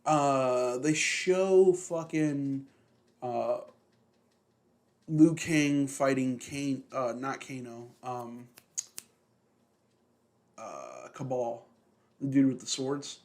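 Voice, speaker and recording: Young dude on a podcast, swears every other word, lots of uh and like, mid-pitched voice. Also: male voice, lively intonation, drawn-out words, pauses often, darkish tone. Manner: rambling, heavy swearing, lots of fillers. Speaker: podcast co-host. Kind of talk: casual chat.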